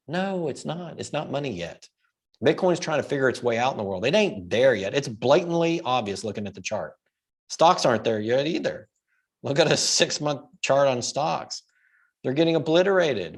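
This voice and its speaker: A middle-aged man talks straight to his audience in a loose, opinionated commentary. He leans hard on rhetorical questions, repeats his points for emphasis and drops in casual curses, in a voice of ordinary middle pitch. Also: animated, moderate pace, husky. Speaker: host of a precious metals livestream.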